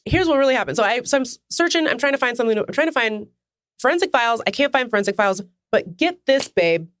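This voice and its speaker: A woman co-hosting a chat podcast, telling stories in a giggly, animated way and acting out what people said. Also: a little high, fast talker, dry recording, studio quality. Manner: animated storyteller, giggly, acts out quotes. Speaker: podcast co-host. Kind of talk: casual chat.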